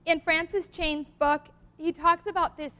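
A woman with a high, light voice speaks to her congregation in an earnest, heartfelt church talk. She sounds emotional and close to tears at times, and she reads a poem aloud. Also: fairly even intonation, measured pace, pushed and bright. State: tearful at times.

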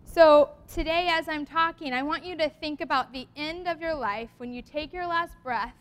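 A woman's voice: high-pitched, normal speed. A woman giving a heartfelt, earnest church talk to her congregation, at times reading a poem aloud and close to tears. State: tearful at times. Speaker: lay speaker at church.

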